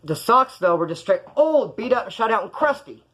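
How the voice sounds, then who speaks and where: A man's voice: high voice, normal speed. A man with a Californian accent telling prison stories in a casual, profane monologue, often acting out the voices of other people. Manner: animated, swearing, acts out other voices.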